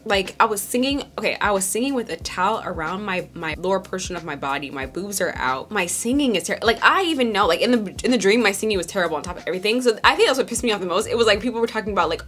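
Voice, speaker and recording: A young woman gossips and rambles at home while she does her makeup. She sounds animated and talkative, and her pitch leaps around freely. "Like" fills nearly every sentence. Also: quick pace, few pauses, soft background music. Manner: chatty, animated, heavy use of "like". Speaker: beauty vlogger. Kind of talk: casual get-ready-with-me chat.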